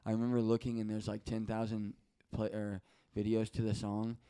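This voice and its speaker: Twenties male podcast guest, low and gravelly, clear, casual storyteller, animated, curses, does the other voices. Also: moderate pace. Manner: animated, swears often, acts out quoted voices.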